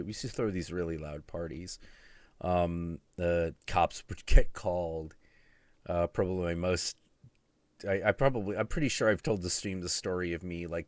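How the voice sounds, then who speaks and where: A man hosting a livestream, telling stories in casual chat, animated and profane, often breaking into laughter. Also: low voice, dry recording. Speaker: livestream host.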